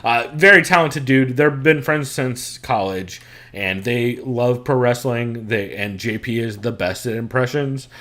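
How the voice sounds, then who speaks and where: A man's voice: mid-range voice, measured pace, bright, forceful tone. A male podcast host talking loosely from his room at home, in an ordinary mid-range voice. He rambles from point to point, chuckles often and swears freely. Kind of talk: casual podcast chat.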